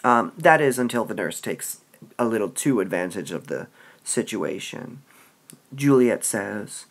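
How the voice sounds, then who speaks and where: A man teaching a literature lesson, reading passages aloud and explaining them with a lively manner and frequent "all right"s. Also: on the low side, measured pace, gravelly.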